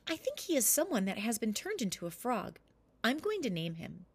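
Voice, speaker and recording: Woman reading as a stubborn old mom, firm and lively, folk tale. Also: fairly high pitch, normal speed, husky, no room sound, exaggerated voice. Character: determined old mother, warm and stubborn.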